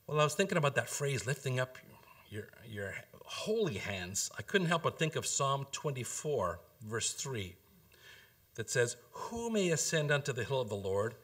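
A man's voice: mid-range voice, very animated, moderate pace, fairly bright tone. Earnest male pastor preaching. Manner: earnest, emphatic teaching with rhetorical questions. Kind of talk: sermon.

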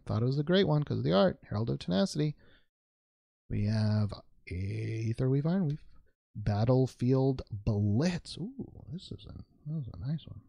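A man's voice: medium pitch, vocal fry, mellow, no room sound. A man hosting a trading card unboxing video, talking casually as he opens packs, rambling and joking with playful made-up words.

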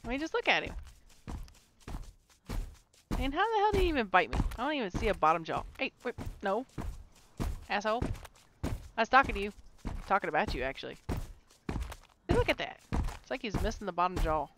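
A woman's voice: mid-range voice, big pitch swings, a little fast, long pauses, background noise. A woman streaming a horror game, commenting live and playfully taunting a monster, swearing freely.

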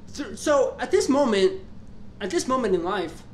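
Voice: medium pitch, expressive, moderate pace, a little mellow, a little hiss or hum. A young adult vlogger casually telling a story, swearing a lot, rambling and restarting, sounding exasperated. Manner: profane, rambling, exasperated retelling with frequent restarts. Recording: roomy echo, faint background ambience.

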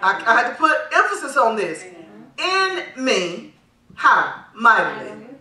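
A woman's voice: fairly high pitch, big pitch swings, moderate pace, sharp tone. A woman pastor preaching a sermon, calling for responses from the congregation and laughing between points. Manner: emphatic call-and-response preaching. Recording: echoey hall, mic at a distance.

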